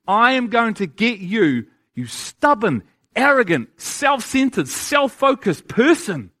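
Male preacher, high pitch, emphatic sermon delivery that keeps asking the listeners questions. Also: big pitch swings, slow, a bit bright. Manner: emphatic, asks the audience rhetorical questions.

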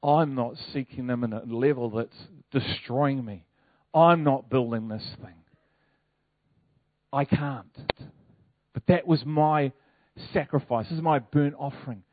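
A male pastor preaching a sermon in a lively, conversational way, full of rhetorical questions. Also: medium pitch, unhurried, pauses often, no echo. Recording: tinny phone-like, dry sound.

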